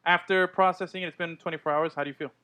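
A man co-hosting a podcast in casual chat, laid-back and quick to laugh. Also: fairly high pitch, steady tone, bright, forceful tone, smooth. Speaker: podcast co-host.

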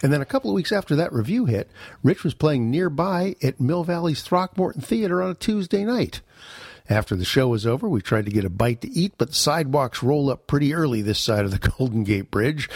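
A man's voice: a little high, big pitch swings, fairly quick, a little mellow, breathy edge, no room sound, studio quality. A man hosting a comedy podcast, talking in a folksy, chatty and self-mocking way. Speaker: podcast host. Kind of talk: casual podcast talk.

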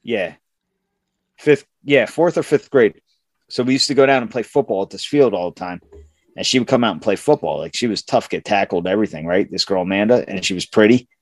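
A man in a casual, profane chat, telling a school story in a laid-back, expressive way. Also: on the low side, a little fast, dry recording, studio quality.

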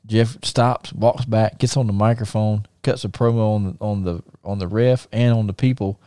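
A man's voice: on the low side, fairly even intonation, normal speed, warm tone, no echo, clean studio sound. A man hosting a podcast, casually telling rambling stories with frequent laughter and restarts. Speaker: podcast host and wrestler. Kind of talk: casual storytelling chat.

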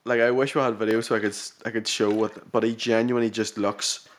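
A man's voice: lowish voice, flat delivery, fast talker. A Northern Irish man co-hosting a podcast in casual chat, teasing his friend, swearing freely and laughing often. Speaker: podcast co-host.

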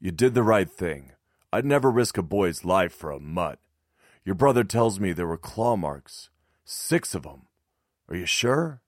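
A man's voice: deep voice, big pitch swings, measured pace, no room sound, clean studio sound, voice pushed up. Man voicing a grim scaled resistance man. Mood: steadying. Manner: clipped, serious, steadying. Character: tense, guarded grown man with neck scales, resistance fighter.

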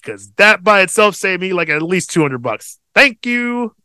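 A man's voice: high-pitched, normal speed, smooth, no echo. A man in his thirties co-hosting a podcast, telling a family story casually and swearing freely. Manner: animated storytelling, swears a lot. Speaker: podcast co-host. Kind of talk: casual chat.

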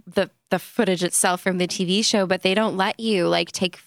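A female songwriter guest talking in a relaxed way, full of "like" and fillers. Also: fairly low pitch, moderate pace, no echo, clean studio sound. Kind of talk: casual interview chat.

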